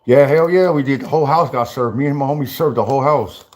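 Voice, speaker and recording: A man's voice: mid-range voice, fast. A man telling stories in rambling, profane casual talk, stammering and restarting often and breaking into laughter. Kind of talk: casual storytelling.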